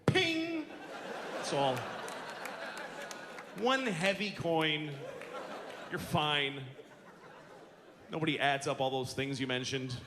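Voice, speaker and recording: A man's voice: fairly high pitch, slow pace, pauses often, noisy background. Profane stand-up man before a laughing crowd. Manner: profane, exasperated, mocking. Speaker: stand-up comedian. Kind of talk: stand-up comedy set. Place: theater stage. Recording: big hall with a loud, laughing crowd.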